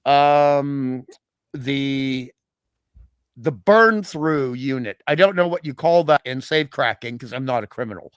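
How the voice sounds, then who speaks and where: A man's voice: medium pitch, expressive, slow, clear, resonant tone, no room sound. A man chatting as a podcast guest, opinionated and wry, with many restarts. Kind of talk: casual podcast chat.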